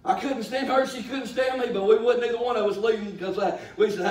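High-voiced preacher, folksy, booming. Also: male voice. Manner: folksy, shouting and drawn-out at peaks. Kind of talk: sermon. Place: church sanctuary. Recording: echoey church from far off.

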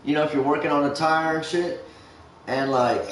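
A young man chats casually while streaming a game, rambling, swearing heavily and using lots of fillers. His voice is on the high side, steady, somewhat bright and moderately paced, recorded in an echoey room with the mic far off and faint noise.

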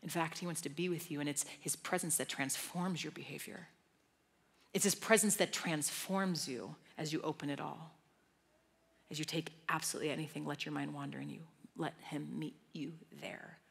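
A woman giving a sermon as a guest speaker, talking conversationally and swelling into loud emphatic passages. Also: low-pitched, fairly even intonation, a little fast, vocal fry. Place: large church auditorium. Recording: long hall reverb.

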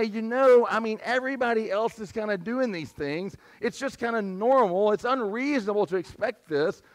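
Man, pastor preaching, high pitch, strained squeaky voice, asks the room for responses. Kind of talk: sermon. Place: church sanctuary.

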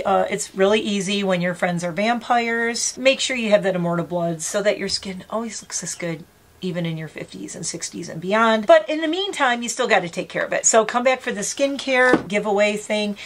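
A woman in her fifties chatting casually as she unboxes gifts on her vlog, gushing and talking to her pet bird. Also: medium pitch. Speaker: vlogger.

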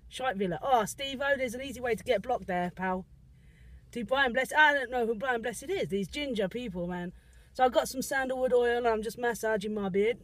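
A woman's voice: fairly high pitch, a bit bright, no echo, natural voice, low-quality recording. A woman playing a chatty male taxi driver with a ginger beard and a put-on South African accent, rambling and greeting viewers over and over in an improvised comic livestream from inside a parked car, recorded on a phone. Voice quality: rambling, repeats greetings, giggly asides. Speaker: parody livestreamer. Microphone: phone livestream at arm's length.

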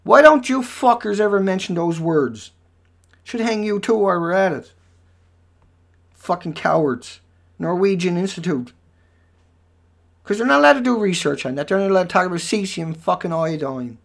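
A man delivering an angry, profanity-filled rant over news headlines, swinging between shouts and low muttering. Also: animated, normal speed, gravelly, pauses often. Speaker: video commentator.

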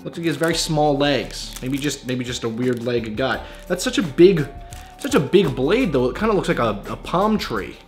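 A young man talks straight into a nearby camera, hosting his own casual vlog. His voice sits at an ordinary, middling pitch and he rambles in an easygoing, joking way. Soft music plays faintly behind him. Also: animated, moderate pace. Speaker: YouTuber host.

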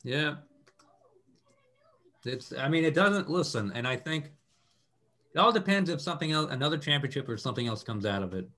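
A man's voice: on the high side, animated, normal speed, pauses often, pushed and bright. Hedging male sports talk co-host. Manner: hedging, full of "I mean" and "I don't know". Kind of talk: casual sports debate. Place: small public-access TV studio.

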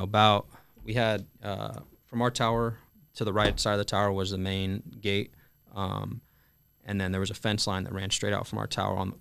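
A man's voice: fairly low pitch, gravelly, a bit bright, smooth, dry recording. A young man in his twenties telling a war story in casual conversation, full of fillers and swearing, acting out the dialogue. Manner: frequent fillers and swearing, acts out quoted dialogue. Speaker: Marine telling his story as a podcast guest.

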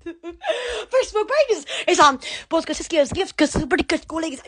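A woman's voice: very high-pitched, sing-song, moderate pace, bright, forceful tone. Giggly, squealing woman. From Alabama. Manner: giggly, gushing, stammering, squeals often. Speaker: social media livestreamer. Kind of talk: excitable livestream chatter.

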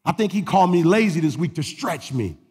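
Man, pastor. Gravelly, husky sermon voice, swings from shouted preaching to quiet asides, long hall reverb. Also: fairly high pitch, expressive, fairly quick.

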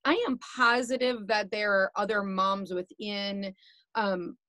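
A woman's voice: medium pitch, fairly even intonation, a little slow, sharp tone, no echo. A woman hosting an interview, asking questions in a chatty, encouraging way. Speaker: host.

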